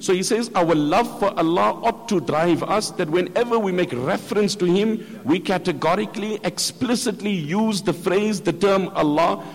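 A man explains a scholar's talk in measured, emphatic religious commentary, weaving in recited Arabic verses. His voice sits a little high for a man. A long hall reverb trails every phrase.

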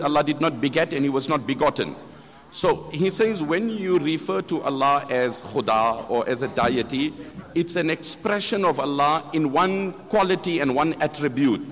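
Sex: man. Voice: fairly high, measured and emphatic, long hall reverb. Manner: measured, emphatic, recites Arabic verses. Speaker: religious speaker explaining a scholar's talk. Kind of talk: religious commentary.

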